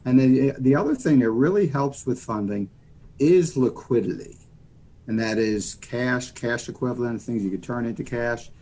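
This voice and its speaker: A man's voice: mid-range voice, moderate pace, warm tone, slight background noise. A man from the United States, a mortgage lender guest on a podcast, explaining loans in a folksy, rambling way. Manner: folksy, rambling explanations full of "you know". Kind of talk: casual podcast interview.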